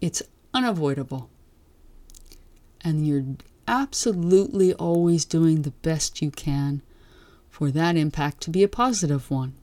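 A woman giving a slow, gentle, reflective teaching talk with long pauses. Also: low-pitched, expressive, no room sound. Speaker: meditation teacher. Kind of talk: dharma talk.

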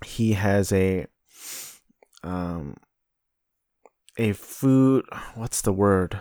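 A man muses alone in a slow, unhurried drawl, his voice sitting a little low. He rambles and swears with a sardonic edge, recorded dry and close with no room sound. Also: a little mellow, dry recording. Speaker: podcast host. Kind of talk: casual solo monologue.

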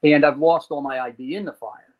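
The audio sounds like a phone as a New Jersey man with a fairly high voice talks briskly. He's a podcast guest telling a long story from his own life, animatedly impersonating the people involved and swearing casually.

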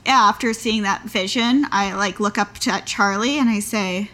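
A woman's voice: mid-range voice, normal speed, sharp tone. A woman playing a tabletop game, talking hesitantly with many fillers. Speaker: player. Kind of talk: casual tabletop play.

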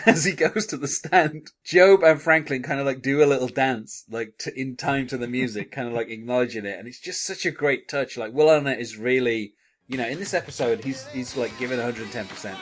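A man's voice: medium pitch, brisk, a bit bright, husky, faint music behind. A man hosting a podcast, chatting enthusiastically about a TV episode, with frequent chuckles and fillers. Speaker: podcast host. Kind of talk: casual TV episode discussion.

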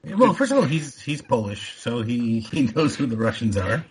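A man with a husky, slightly breathy voice co-hosts a casual podcast. He rambles, restarting his sentences and laughing as he thinks aloud. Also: medium pitch, sing-song, moderate pace. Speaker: podcast co-host.

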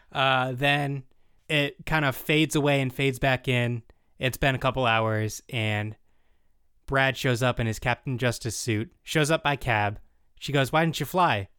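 A man's voice: medium pitch, fairly even intonation, measured pace, a bit bright, clear, resonant tone, dry recording, studio quality. Laid-back man recapping an episode. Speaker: podcast co-host. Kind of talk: casual chat recapping an episode.

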